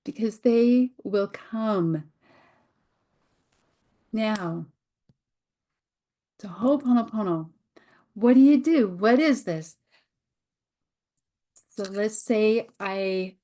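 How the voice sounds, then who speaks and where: A middle-aged woman hosting her own show, a hypnotherapist giving a reflective teaching talk with pauses and restarts. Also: mid-range voice, warm tone. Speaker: host and hypnotherapist.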